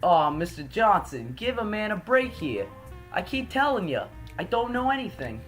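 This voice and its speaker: A man voicing a whiny petty male crook who keeps pleading his innocence in a high, wheedling voice, over faint game music. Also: big pitch swings, normal speed, a bit bright.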